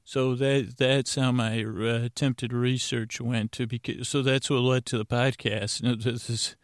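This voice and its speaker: A man hosting a sleep podcast, rambling and stammering in a deadpan comedic monologue. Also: mid-range voice, a little slow, no echo, studio quality. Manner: stammering, self-interrupting, deadpan.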